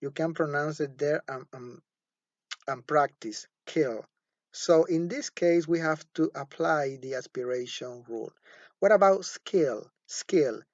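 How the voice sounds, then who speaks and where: A teacher lectures on phonetics a little slowly in a medium-pitched voice, patient and repetitive. He often turns to the class with "okay?" and repeats words, heard through a dull, lo-fi, dry recording.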